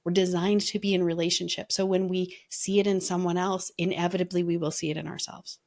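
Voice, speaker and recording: A woman's voice: on the low side, level tone, brisk, a little mellow. A woman leadership coach talking in an earnest, reflective way, telling stories in a casual podcast conversation.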